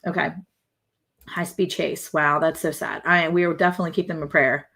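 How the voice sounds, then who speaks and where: A woman hosts a relaxed live chat, telling stories and laughing as she goes. Her voice sits a little low for a woman. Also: moderate pace. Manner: chatty, laughing, storytelling. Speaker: live stream host.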